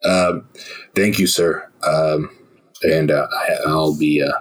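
A man with a very deep voice speaking as a player in a tabletop game. He hesitates often, filling pauses as he goes. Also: steady tone. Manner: hesitant, many uhs. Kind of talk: tabletop role-play.

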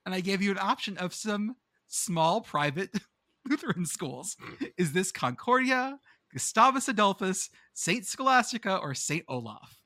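A man's voice: sits high, expressive, measured pace, sharp tone, dry recording, clean studio sound. A man co-hosting a casual podcast, reading song lyrics aloud as a quiz with a chuckling, sing-song delivery. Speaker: podcast co-host running a quiz.

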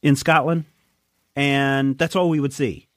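A man's voice: mid-range voice, fairly even intonation, unhurried, a bit bright, no room sound, studio quality. A man hosting a podcast, talking enthusiastically about comics in a casual, rambling way. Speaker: podcast host.

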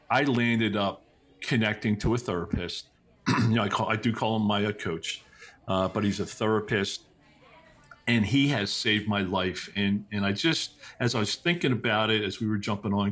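A middle-aged man, a podcast guest, telling personal stories in a casual, animated way, with many restarts and quick asides. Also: on the low side. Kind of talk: casual conversational storytelling.

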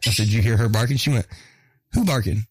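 A man's voice: on the low side, steady tone, very fast, no room sound. A man, telling casual stories on a podcast, swearing freely and laughing along as he goes. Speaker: podcast co-host. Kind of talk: casual profane storytelling.

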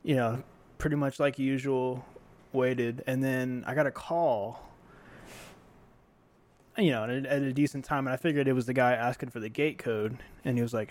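A man's voice: mid-range voice, brisk. Laid-back rambling male podcast host. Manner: rambling storyteller, laughs often. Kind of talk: casual chat.

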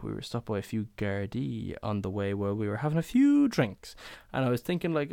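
Tipsy young Irish male podcast host, rambling and swearing, smooth lively voice, dry close sound. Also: lowish voice, brisk, dry recording. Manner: rambling, swearing, chatty storytelling. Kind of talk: rambling casual monologue.

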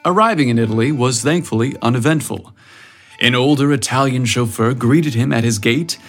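A man narrating an audiobook story in a measured, even way. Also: mid-range voice.

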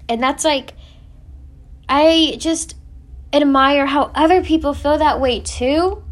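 Earnest high-voiced young woman sharing faith. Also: slow pace, long pauses. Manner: earnest and emotional, with many fillers. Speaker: faith vlogger. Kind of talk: personal faith testimony.

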